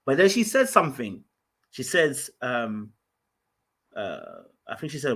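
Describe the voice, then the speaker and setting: A man's voice: medium pitch, very animated, unhurried, long pauses, fairly bright tone. A man hosting a podcast, telling a story in an emphatic, casual way and often restarting and repeating his words. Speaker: podcast host.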